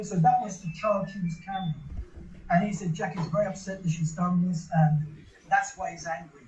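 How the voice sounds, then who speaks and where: A man's voice: sits high, steady tone, normal speed, a little mellow, faint music behind. A man being interviewed, telling a long story casually, with lots of restarts and repeated words. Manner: rambling storyteller with many restarts. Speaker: interview guest. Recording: echoey room, lo-fi.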